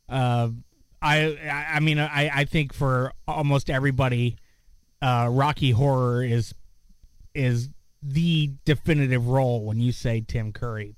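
A man hosting a casual chat show, talking in a relaxed way with many fillers and restarts. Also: mid-range voice, clean tone, no room sound.

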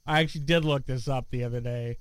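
A man hosting a casual chat show, talking in a relaxed way with many fillers and restarts. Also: medium pitch, fast talker, clean tone, no echo.

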